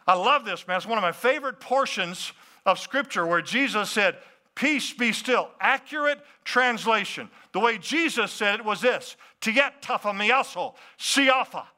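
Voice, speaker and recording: Bright, high-voiced man preaching. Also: normal speed. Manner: animated, talks to the crowd with questions and asides. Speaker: pastor. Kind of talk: sermon.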